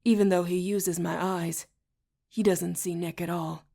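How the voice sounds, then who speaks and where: A woman narrating an audiobook in the first person with a steady, even reading. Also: fairly low pitch, a little slow, vocal fry. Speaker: audiobook reader.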